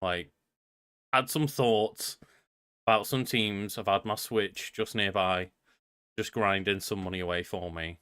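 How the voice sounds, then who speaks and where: A man's voice: on the low side, fairly even intonation, unhurried, bright, forceful tone, clear, resonant tone, dry recording, studio quality. A man co-hosting a podcast in rambling, sweary casual chat full of fillers. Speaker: podcast co-host.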